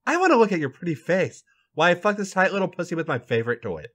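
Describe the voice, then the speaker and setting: A man doing a bossy falsetto woman wrestler. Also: big pitch swings, quick pace, full character voice. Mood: smug, teasing. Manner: high strained falsetto, shouted lines. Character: brash commanding woman wrestler, teasing and dominant.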